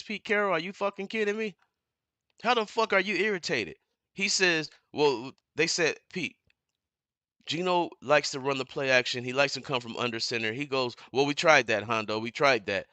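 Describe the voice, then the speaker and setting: A man in a fired-up, profane fan rant on his live stream, repeating himself and getting louder as he goes. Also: on the high side, dry recording. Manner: heated, profane, repeats himself, builds to shouting. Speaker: sports commentator streamer. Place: home living room.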